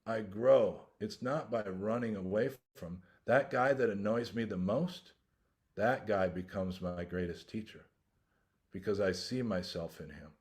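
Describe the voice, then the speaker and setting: A man's voice: fairly low pitch, a little slow. Earnest rambling man sharing his story. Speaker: invited speaker at a recovery workshop. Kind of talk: personal recovery share.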